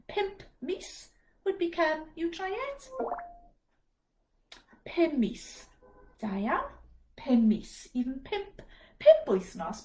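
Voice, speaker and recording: A woman with a Welsh accent teaching Welsh, slowly modelling words for learners to repeat. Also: high voice, darkish tone. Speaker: Welsh tutor. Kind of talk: live online Q&A lesson.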